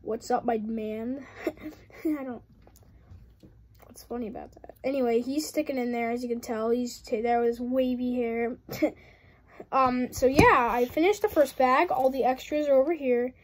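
A woman's voice: sits high, steady tone, moderate pace, pauses often. A young woman casually talking through a model build on her channel, giggling often and rambling with frequent apologies. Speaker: hobby channel host.

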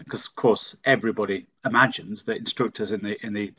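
A middle-aged pilot and flight instructor from Leeds, England tells stories in a conversational interview, bringing his anecdotes to life and acting out their dialogue. His lowish voice is fairly quick, fairly bright, and slightly rough, and the recording sounds muffled.

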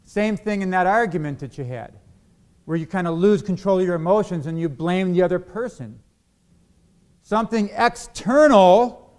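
A pastor delivers a sermon in a church hall, repeatedly asking his congregation questions and acting out the arguments he quotes. His voice is a little higher than most men's, with a darkish tone.

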